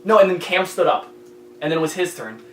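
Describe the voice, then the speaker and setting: A young man telling rambling, crude stories in casual chat among friends, often yelling out the lines he quotes. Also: fairly high pitch, expressive, brisk. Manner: rambling storyteller, crude, yells in retold quotes. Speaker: podcast regular. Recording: echoey room with faint hum.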